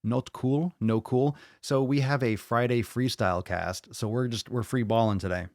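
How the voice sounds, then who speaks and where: Hosting a live-streamed fitness podcast, an American man chats loosely with his viewers, swearing often, sounding hyped, and saying the same phrases over and over. His medium-pitched, darkish voice moves at a moderate pace with fairly even intonation, captured in clean studio sound without room noise.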